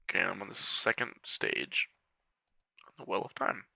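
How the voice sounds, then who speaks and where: A man's voice: sits low, normal speed, vocal fry, sharp tone, no echo. A man giving casual, chatty commentary over a strategy game, muttering to himself as he clicks through menus, with the hiccups. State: has the hiccups. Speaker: game walkthrough creator.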